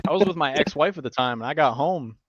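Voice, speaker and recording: A man hosting a podcast, telling stories in casual chat, animated and profane, acting out what people said. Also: a little high, fast talker, no echo, lo-fi sound. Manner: animated storyteller, swears a lot, acts out quotes. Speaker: podcast host.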